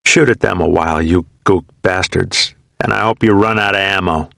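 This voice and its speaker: Brief: a man doing a callous, hardened grunt, low gravelly curt orders, close and dry. Audiobook. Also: moderate pace, fairly bright tone, no room sound. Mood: scornful. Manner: gruff, curt and contemptuous. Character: hardened young male Marine, callous and scornful.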